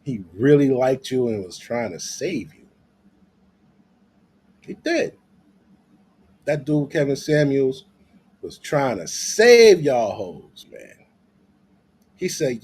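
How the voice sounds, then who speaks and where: Guy doing a laid back profane rant vlog, lots of pitch swings, slow and drawn out. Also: very animated, a little mellow, breathy edge. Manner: laughing, loose and profane. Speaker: vlogger. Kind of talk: profane reaction commentary.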